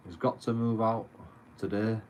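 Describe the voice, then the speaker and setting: A man's voice: lowish voice, fairly even intonation, normal speed, darkish tone, slight background noise, close to an everyday voice. A man quoting a pushy landlord. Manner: curt and demanding. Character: pushy blunt male landlord.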